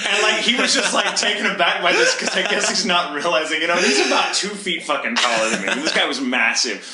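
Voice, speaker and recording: A man co-hosting a podcast, telling a long story in a casual, profane, animated way and acting out the quotes. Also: on the high side, brisk. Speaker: podcast co-host. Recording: echoey room with noise.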